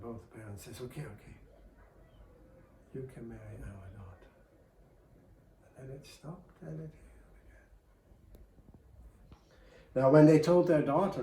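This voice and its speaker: A man tells an old folk tale slowly, in a soft-spoken, unhurried voice of middle pitch. He sounds a little distant from the mic, in a room with noticeable echo. A faint ambience sits underneath. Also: slight background noise. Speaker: storyteller. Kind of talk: oral folk tale storytelling.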